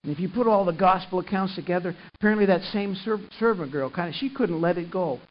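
A man preaching a sermon and retelling a gospel story, swinging from quiet narration up to loud, emphatic passages. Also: high-pitched, quick pace. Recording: muffled lo-fi recording with faint hiss.

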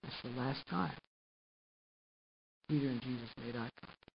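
A man preaching a sermon and retelling a gospel story, swinging from quiet narration up to loud, emphatic passages. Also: medium pitch, normal speed, creaky. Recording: muffled lo-fi recording with faint hiss.

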